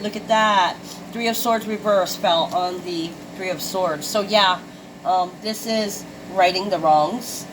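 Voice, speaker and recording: A woman's voice: mid-range voice, very noisy. A woman doing a casual tarot card reading for her viewers. She talks chattily, swears freely and exclaims at the cards she draws.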